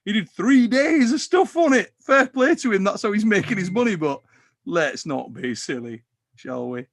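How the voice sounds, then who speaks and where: A man hosting a casual chat, animated and quick to swear and tease. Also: high voice. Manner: animated, swears, teasing banter. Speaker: podcast host.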